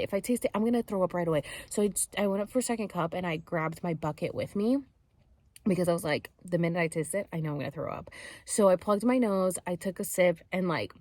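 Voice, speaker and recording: A woman with a slightly low voice talks straight to her camera, rambling through her story in a loose, chatty way. She leans on "like" and "um" and slips into voices when she quotes people. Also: quick pace, darkish tone, no room sound. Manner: chatty, full of "like" and "um", acts out quotes. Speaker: vlogger. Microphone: camera mic while filming herself.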